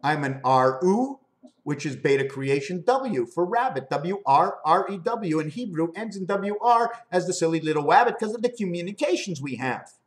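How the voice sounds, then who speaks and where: A man in a rambling monologue, riffing on words and spelling out letters in an animated, sing-song way. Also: high voice, normal speed. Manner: free-associating wordplay, spelling out letters.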